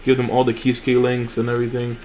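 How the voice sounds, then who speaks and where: A man's voice: medium pitch, completely flat delivery, quick pace, a little mellow, faint music behind. A young man hosting a mobile game channel, chatting casually and rambling with fillers and restarts over his gameplay.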